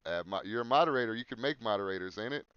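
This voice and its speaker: A man's voice: lowish voice, lively intonation, very fast, fairly bright tone, clear, resonant tone, no room sound, muffled recording. A man hosting a podcast in casual chat, joking crudely and swearing. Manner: crude joking, breaks into silly put-on voices. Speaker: podcast host.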